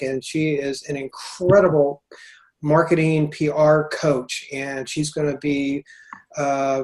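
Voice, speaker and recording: A man with a slightly high voice hosts an online webinar over a video call. He speaks in a halting way, with many fillers and restarts. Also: a little mellow. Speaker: host. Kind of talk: webinar hosting.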